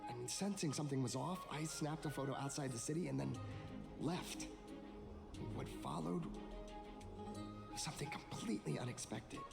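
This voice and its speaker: A woman's voice: low voice, normal speed, creaky, long pauses, over loud music, voice pushed down. Woman putting on a stammering timid man. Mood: nervous. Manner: hesitant, stammering, apologetic. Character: nervous male civilian, timid and stammering. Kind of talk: reading game dialogue aloud in character.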